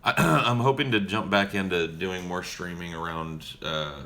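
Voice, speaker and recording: A man's voice: deep voice, normal speed, background noise. A young man casually answering viewer questions on a livestream in a profane, joking, laid-back way.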